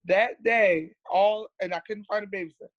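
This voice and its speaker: A woman's voice: medium pitch, steady tone, moderate pace, dry recording, highs cut off. A woman, a nurse, talking as a podcast guest in a candid, earnest way and repeating words for emphasis. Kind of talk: candid personal storytelling.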